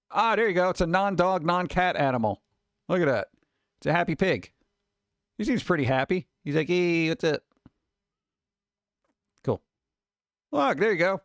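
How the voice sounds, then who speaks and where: A man with a slightly high voice chats in a loose, laid-back way, as a stream host. His voice sits close and dry on the mic. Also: fairly bright tone, no echo. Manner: laid-back, chatty, trailing off into asides. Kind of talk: casual live-stream commentary.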